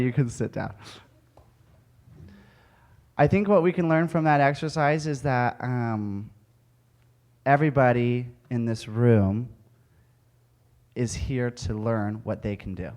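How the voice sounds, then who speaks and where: A man's voice: mid-range voice, slow pace, long pauses, darkish tone. A young man giving a speech to an audience, telling a candid personal story and laughing often as he goes. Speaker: speaker at an event. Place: auditorium with audience.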